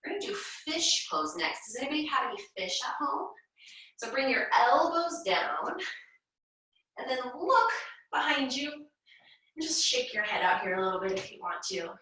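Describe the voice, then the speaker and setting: A young woman leading a children's yoga class, giving gentle, encouraging, sing-song instructions. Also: high voice, big pitch swings, moderate pace, heavy reverb, far from the mic, rough recording. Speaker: kids' yoga teacher.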